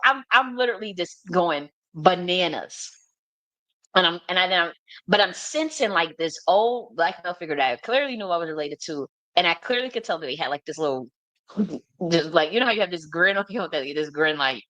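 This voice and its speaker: A woman who works as a spiritual reader and teacher rambles casually through a personal story, laughing often and swearing freely. Her voice is lowish, her pace moderate, and the recording is dry.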